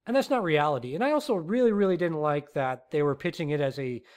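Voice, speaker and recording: A man with a somewhat higher voice hosts his own podcast in a solo rant. He talks in an animated, rambling way, circling back with frequent fillers and restarts. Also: fast. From Texas. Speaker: podcast host.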